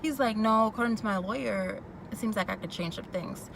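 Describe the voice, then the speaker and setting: A woman's voice: medium pitch, a little fast, vocal fry. Woman doing a sassy tv recap, noisy background with cars going by. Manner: animated, quoting characters and reacting with sass. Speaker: TV recap vlogger. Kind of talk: casual chat recapping a TV episode.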